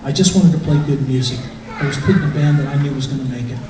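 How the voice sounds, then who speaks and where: A man's voice: mid-range voice, quick pace. Middle-aged man's echoey church testimony. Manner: conversational storytelling, acting out quotes. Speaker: guest speaker. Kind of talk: personal testimony to a congregation. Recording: echoey hall from far off, faint noise.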